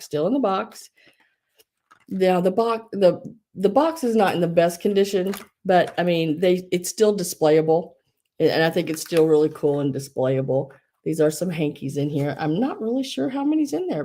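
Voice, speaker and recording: A woman's voice: on the low side, dark tone. A woman hosting a live online sale, chatting casually, giggling often and restarting her sentences.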